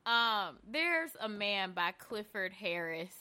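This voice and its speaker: A woman co-hosting a podcast, chatting casually in slangy, animated fashion and laughing often. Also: medium pitch, slow. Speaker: podcast co-host. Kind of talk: casual gossip chat.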